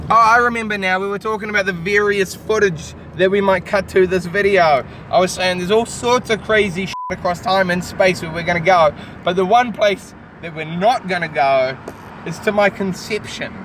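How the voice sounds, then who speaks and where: A man's voice: high voice, moderate pace. A tipsy man vlogging in a car, rambling and joking crudely with a friend. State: tipsy from drinking. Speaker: vlogger host. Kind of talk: rambling casual banter. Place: in a car in city traffic. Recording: loud street traffic noise.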